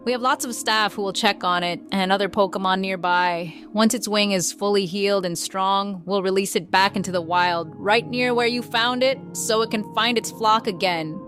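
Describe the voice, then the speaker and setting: A woman voicing a calm, gentle mother who tends hurt creatures, speaking softly and patiently in a bedtime story reading. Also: mid-range voice, normal speed, few pauses, faint music behind, lightly acted. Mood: reassuring. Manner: soft, reassuring, patient.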